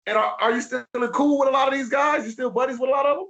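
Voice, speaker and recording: Male podcast host, very high voice, relaxed casual interviewer. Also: dull audio. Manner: relaxed, calls guest "man", slow-paced questions.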